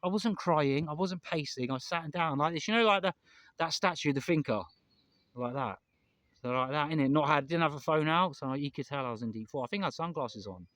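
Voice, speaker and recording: A man's voice: on the high side, brisk, fairly bright tone, no room sound. An English man vlogging outdoors in a park, rambling and emphatic, repeating himself and swearing now and then. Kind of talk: candid vlog monologue.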